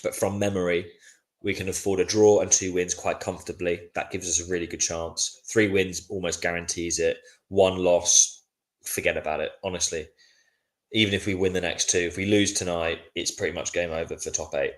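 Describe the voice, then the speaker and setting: A man reacting live to a football match, worn out and grumbling. His voice sits very low. He keeps chatting back to viewers in a loose, casual way. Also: little pitch movement, moderate pace. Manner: frustrated, weary, chatty with viewers. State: sleepy, yawning. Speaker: watchalong host.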